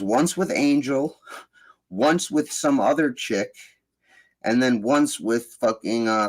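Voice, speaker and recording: A man hosting a casual group voice chat, ranting in a profane, animated way. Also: medium pitch, husky. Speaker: host.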